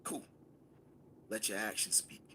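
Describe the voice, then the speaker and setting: A man's voice: unhurried, bright, forceful tone, slight background noise. A man leading a scripture class, emphatic and commanding, calling on a student to read. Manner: emphatic, commanding, call-and-response. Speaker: Bible class teacher.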